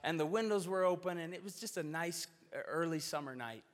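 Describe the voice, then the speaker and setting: A man preaches a sermon in an earnest, storytelling way, his voice a bit higher than most men's. His emphasis rises and drops as he makes his points. A long reverb from the church room follows his words. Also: expressive, brisk. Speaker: pastor.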